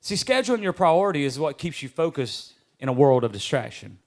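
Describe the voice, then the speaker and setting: A man's voice: on the high side, sing-song, a little fast, darkish tone. A pastor in his thirties preaching emphatically, repeating key lines and calling for amens. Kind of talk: sermon.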